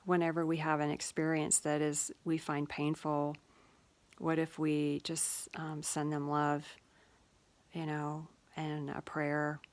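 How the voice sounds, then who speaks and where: On her own channel, a low-voiced female host gives a spiritual talk that is gentle and reflective, with frequent pauses and filler words.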